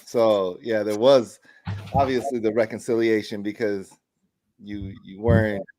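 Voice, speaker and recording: A middle-aged man co-hosting a casual talk show, telling a story with lively energy. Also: on the low side, unhurried. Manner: animated storyteller who acts out quoted people. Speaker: podcast co-host.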